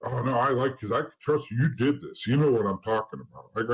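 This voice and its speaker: A man's voice: mid-range voice, quick pace, hardly any pauses, husky, rough recording. A man guest in an interview, telling stories in blunt casual talk with swearing and acting out the dialogue of the people in them.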